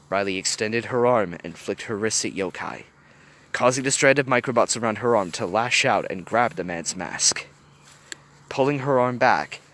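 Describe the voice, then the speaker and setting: A man reading a fan fiction story aloud with animated storytelling. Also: fairly low pitch. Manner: animated storytelling, varied voices. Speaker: reader.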